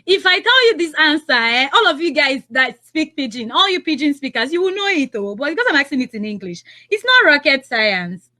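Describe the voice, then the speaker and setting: A young Nigerian woman hosting a live radio call-in game, teasing callers, laughing often, and reading phone numbers out slowly. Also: sits high, big pitch swings, sharp tone.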